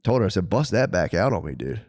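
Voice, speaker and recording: A man co-hosting a podcast, telling crude stories in casual banter and jumping into high yelps for the punchlines. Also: fast, no room sound, clean studio sound. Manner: animated storyteller, often jumps into high yelps for punchlines. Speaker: podcast co-host.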